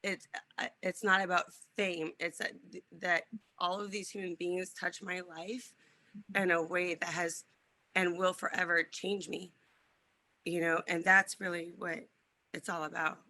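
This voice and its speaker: A woman's voice: on the low side, flat delivery, unhurried, bright, forceful tone. A woman, an actress on a press panel, speaking earnestly and searching for words as she talks.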